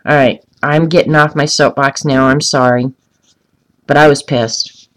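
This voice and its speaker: A woman's voice: very deep voice, fairly even intonation, a little slow, a bit bright, low-quality recording. A woman hosting a casual live stream while coloring, chatting and ranting, answering viewers by name. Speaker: livestream host coloring art.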